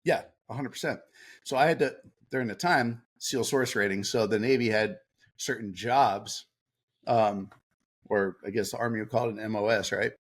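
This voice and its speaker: A middle-aged man telling an animated story as a podcast guest, laughing often and acting out what others said. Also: lowish voice, normal speed, husky. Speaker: podcast guest, former Navy SEAL. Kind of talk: casual storytelling.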